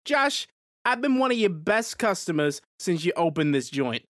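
A brash Italian mobster caricature with a put-on Italian accent who swaggers and vouches for his friends, played by a woman. The voice sits fairly low in a dry room. It is an improvised comedy skit. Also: big pitch swings, normal speed, dry recording. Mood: swaggering. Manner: swaggering, persuasive.

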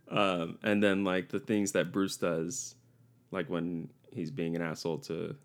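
A man's voice: deep voice, flat delivery, slow. A young man co-hosting a podcast, chatting casually and rambling, laughing often. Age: young adult. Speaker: podcast co-host. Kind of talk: casual chat.

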